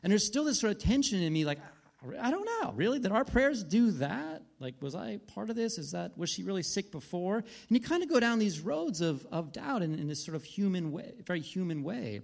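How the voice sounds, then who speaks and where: A man's voice: high-pitched, sing-song, brisk, vocal fry, few pauses, a little mellow. A man, a pastor in his thirties with a wife and kids, preaching a sermon in a conversational storytelling way, full of restarts and asides.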